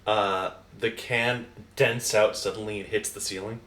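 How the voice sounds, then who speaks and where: A man's voice: on the low side, steady tone, unhurried, fairly bright tone, reverberant. A man narrating a tabletop game as game master, rambling with lots of fillers and chuckles.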